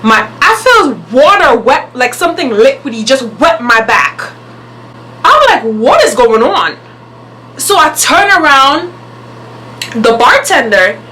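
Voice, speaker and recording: A woman's voice: on the high side, slight background noise, low-quality recording. A young woman vlogger telling a story in a casual, emphatic, indignant way. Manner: animated, emphatic, indignant retelling.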